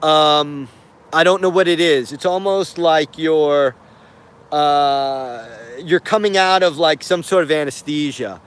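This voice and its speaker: A man's voice: a little high, takes it slowly, clear, resonant tone. A man giving casual spoken commentary on video footage, hesitant and puzzled, often repeating himself.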